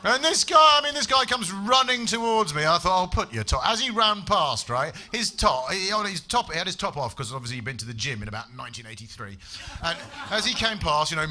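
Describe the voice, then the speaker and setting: Sardonic stand-up comedian, slightly high. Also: male voice, sharp tone. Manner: dry, sardonic storytelling with profane punchlines. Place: comedy club stage. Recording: live club with audible room noise.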